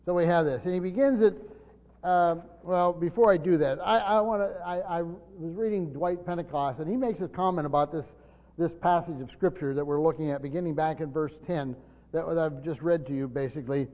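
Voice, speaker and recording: A man's voice: a little high, fairly quick. A man pastor teaching through a Bible passage verse by verse, often restarting his sentences and stressing key points, recorded in a church hall. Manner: stumbling restarts, emphatic rises on key points. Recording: dull sound, long hall reverb.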